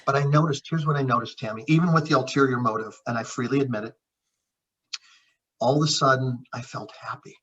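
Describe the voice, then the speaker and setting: A man's voice: mid-range voice, a little fast, fairly bright tone, slightly rough. A middle-aged man, a chiropractor guest, telling a story in conversation and acting out the dialogue with frequent repeats. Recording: dull lo-fi audio.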